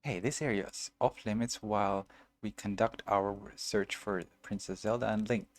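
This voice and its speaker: A man reading a soldier's game dialogue aloud, as a stern guard of a search area, in plain unhurried reading. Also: fairly low pitch, fairly even intonation, lightly acted.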